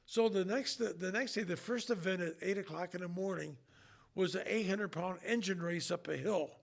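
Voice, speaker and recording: An older man and former strongman, telling an emotional story in an earnest, halting way with many restarts. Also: sits high, vocal fry. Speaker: retired strongman, guest.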